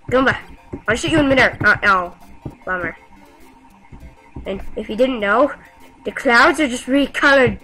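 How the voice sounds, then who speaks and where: A woman giving casual gameplay commentary, excitable and talking back to the game with frequent yelps and exclamations. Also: on the high side, low-quality recording. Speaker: gamer.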